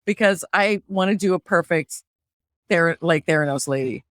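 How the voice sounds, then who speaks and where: A woman hosting a podcast in easygoing chat. She is animated and playful, her voice rising when she jokes. The recording is dry and close. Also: moderate pace, dry recording. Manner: animated, playful, jumps to higher pitch when joking. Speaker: podcast host. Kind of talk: casual chat.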